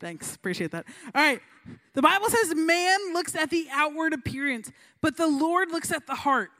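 Young woman, high voice, casual youth sermon full of chatty asides and little acted-out voices. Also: fairly bright tone. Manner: chatty, lots of fillers and likes, acts out voices in stories. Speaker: youth pastor.

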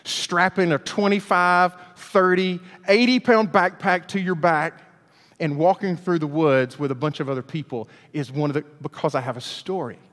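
A man from Alabama, preaching a storytelling sermon in a folksy, animated way. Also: high voice, normal speed. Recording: long hall reverb.

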